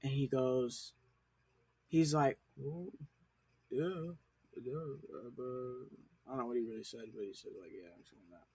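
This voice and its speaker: A teenage boy tells a meandering school story in a quiet, mumbling way. His voice is a little husky and sits at an ordinary pitch. The recording is dry and close, with no room sound. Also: measured pace, long pauses, no echo. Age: teens. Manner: rambling storyteller, soft and mumbled. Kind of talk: casual chat.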